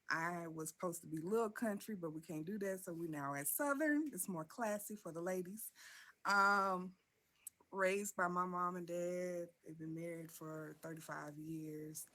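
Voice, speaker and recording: Southern US woman in her twenties, deep voice, slow measured talk, interview guest. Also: a bit bright. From Georgia, USA. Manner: unhurried, with frequent "um" fillers. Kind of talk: casual interview storytelling.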